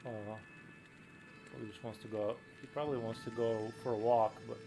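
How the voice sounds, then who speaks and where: A man's voice: medium pitch, fairly quick, music in the background. A man from Belarus with a Belarusian accent, chatting casually and rambling while drawing on a live stream. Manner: relaxed, rambling, trailing off.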